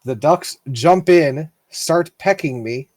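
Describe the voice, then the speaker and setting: A man's voice: a little high, slow, a little mellow, dry recording. Rambling young man telling stories. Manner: rambling storyteller, laughs often. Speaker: podcast co-host. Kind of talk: casual chat.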